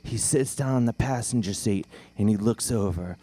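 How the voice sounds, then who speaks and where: A man's voice: fairly low pitch, normal speed, dark tone, slight background noise. A man telling a rambling campfire story, laughing as he goes and briefly acting out the characters. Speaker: film director telling a story. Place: outdoor campfire event.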